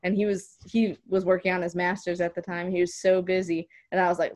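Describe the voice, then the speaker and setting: A young adult woman, a fighter and guest on a podcast, telling stories in a lively, dramatic way. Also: on the low side, a little fast. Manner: animated, dramatic storytelling. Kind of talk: casual interview chat.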